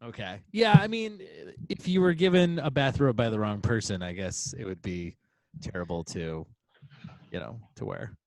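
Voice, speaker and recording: A man hosting a casual podcast chat over a remote call, animated, laughing often and using many fillers. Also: on the low side, moderate pace, no echo. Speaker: podcast host.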